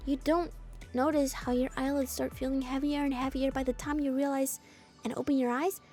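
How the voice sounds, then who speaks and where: Woman streamer, high and bright-toned, reads a story game aloud with playful asides; soft music under her. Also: fairly quick. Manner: playful, expressive, jokes at her own reading.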